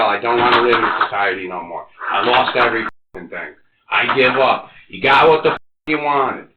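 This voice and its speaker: A man in his forties under police interrogation, ranting and cursing, swinging between loud outbursts and low mutters. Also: noisy background. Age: 40s. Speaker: interrogation suspect. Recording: echoey, muffled interrogation room recording.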